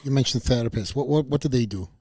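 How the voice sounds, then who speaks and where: Mellow-voiced man hosting a podcast. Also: medium pitch, fast talker, slightly rough, dry recording, studio quality. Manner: relaxed, brief questions and steady backchannel. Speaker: podcast host. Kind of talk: casual interview chat.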